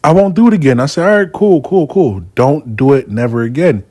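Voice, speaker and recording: A man's voice: a little high, fairly quick, mellow, dry recording, studio quality. A man telling a casual story, acting out both sides of a dialogue. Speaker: storyteller host.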